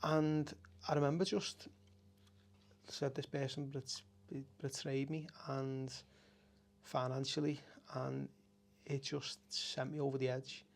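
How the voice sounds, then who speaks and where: Speaking as a podcast guest, a café owner from Liverpool, England, shares candid conversational stories in a gravelly, medium-pitched voice with a level tone. He comes across as raw and emotional, swearing frequently and stopping to restart.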